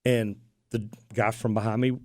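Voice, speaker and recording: A man's voice: lowish voice, flat delivery, normal speed, a little mellow, no echo, studio quality. A man who runs a plumbing business, chatting casually as a radio talk show host and telling stories with acted-out bits of dialogue. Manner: easygoing storyteller, acts out quoted dialogue. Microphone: studio microphone.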